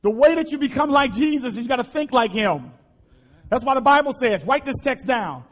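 A male pastor preaching a sermon, impassioned and repetitive, often shouting to the congregation. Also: extremely high pitch, expressive, a little fast.

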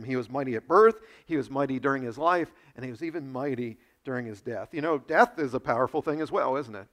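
A man preaching a sermon, animated, with quick asides to his listeners and acted quotes. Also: on the high side. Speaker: pastor.

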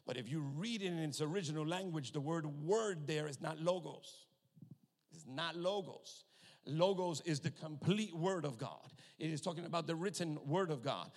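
A man preaching in a call-and-response style, his voice sitting a little high for a man. He drops in hallelujahs between phrases, drags out important words and surges loud at the peaks. The sound carries the long reverb of a church hall. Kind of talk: sermon.

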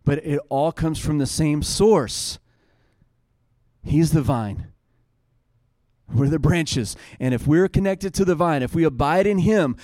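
A man's voice: a little high, darkish tone, no room sound, clean studio sound. A man in his thirties preaching a sermon, earnest and conversational, building to fervent passages. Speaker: pastor.

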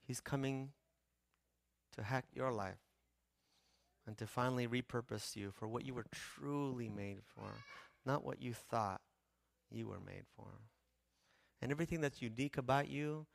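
A man preaching a sermon as pastor, impassioned, with a repetitive cadence that swings from hushed to loud. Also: medium pitch, unhurried, vocal fry, long pauses.

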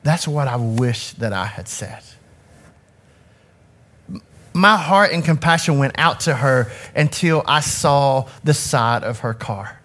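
A man's voice: medium pitch, lively intonation, slow, fairly bright tone. A man in his forties, a youth ministry director, giving a candid, self-critical personal talk to an audience on a handheld mic, often restarting his sentences. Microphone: handheld microphone.

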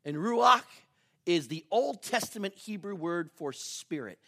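A male pastor preaching a sermon full of personal stories. He tells them with animated energy, sometimes shouting and laughing, then drops low and quiet to pray. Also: a little slow, creaky.

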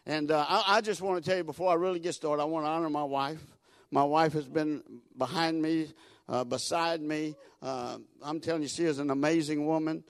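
A man preaching a sermon as a guest speaker, telling folksy stories, repeating words and building to loud emphatic peaks. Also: on the high side, steady tone, brisk, no room sound.

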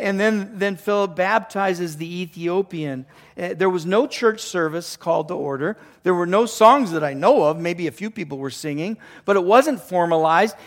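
A middle-aged man, a pastor preaching a conversational, enthusiastic sermon with restarts and throat-clearing. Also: sits high.

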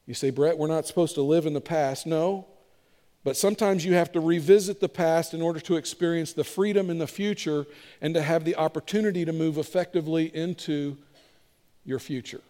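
A man's voice: fairly high pitch, steady tone, a little fast. Preaching man in a reverberant hall. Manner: shifts from emphatic preaching to hushed, intimate appeals. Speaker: pastor. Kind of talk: sermon.

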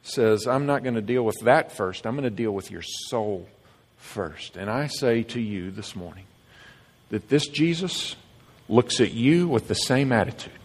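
A man preaching a sermon as pastor, earnest and emphatic, swinging between loud stresses and hushed lines. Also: mid-range voice, lively intonation, measured pace. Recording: long reverb of a large hall.

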